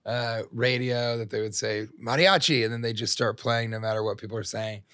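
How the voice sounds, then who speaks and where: Here a middle-aged man appears as a podcast guest, spinning rambling, foul-mouthed comic tales in easygoing conversation. His medium-pitched voice is steady, clear and resonant with a touch of brightness, and he talks briskly. Sound is studio-clean, echo-free.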